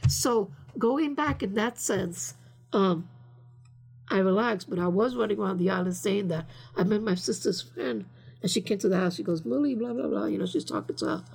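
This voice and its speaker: A woman's voice: medium pitch, normal speed, vocal fry, darkish tone, husky. An older woman being interviewed, telling stories casually in a rambling way, full of fillers and slipping into Spanish phrases. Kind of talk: casual storytelling.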